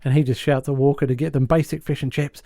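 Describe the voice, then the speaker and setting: Podcast host, man, mellow and warm tone, dry close mic, animated storyteller who chuckles. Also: mid-range voice, fast, creaky, no echo. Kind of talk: casual podcast chat retelling a sitcom episode.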